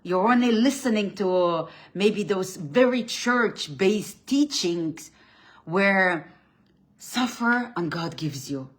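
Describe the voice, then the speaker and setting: A woman giving a blunt, preachy faith talk as a spiritual coach, swinging from loud emphatic bursts to low quiet lines, often restarting and repeating words. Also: expressive, slow pace.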